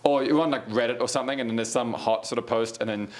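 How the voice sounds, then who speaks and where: Fast-talking Australian man hosting. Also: medium pitch, fairly even intonation. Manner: rapid, rambling storytelling with frequent restarts and laughs. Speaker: podcast host. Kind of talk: casual podcast chat.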